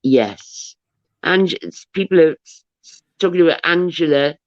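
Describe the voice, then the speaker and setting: In an unhurried, low-pitched, expressive voice that's a little mellow, a woman hosts a casual livestream, reading viewer comments aloud, thanking people, and straying into anecdotes. She's rambling and chatty, stumbling and restarting sentences. There's no echo; the sound is dull, lo-fi, dry, and close.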